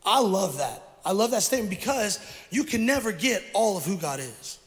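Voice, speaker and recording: A middle-aged male pastor delivering an energetic sermon and calling on the congregation to repeat words after him. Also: sits high, moderate pace. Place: church sanctuary. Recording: long hall reverb from a church.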